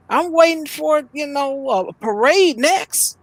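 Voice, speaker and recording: Host, woman from Chicago, slow exasperated rant, dry close sound. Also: high voice, a bit bright, dry recording. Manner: blunt, exasperated ranting. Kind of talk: news reaction commentary. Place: at home.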